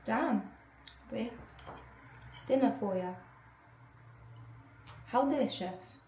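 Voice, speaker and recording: A woman's voice: fairly high pitch, slow pace, darkish tone, very echoey, slight background noise. A woman, chatting casually to camera in a vlog, rambling with lots of "like". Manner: chatty, rambling, heavy use of "like". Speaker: vlogger.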